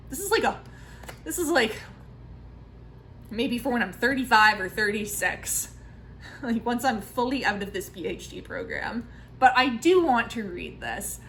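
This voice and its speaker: A woman in her thirties chatting casually in a book vlog, self-mocking and full of quick asides. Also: mid-range voice, fairly bright tone, slight background noise, rough recording. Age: 30s. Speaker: book vlogger.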